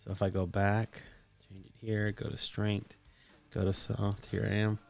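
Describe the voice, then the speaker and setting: A man's voice: on the low side, completely flat delivery, measured pace, gravelly, soft background music. A man hosting a casual live stream, chatty and enthusiastic with many fillers, his mic voice processed for added depth. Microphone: desktop microphone with voice processing.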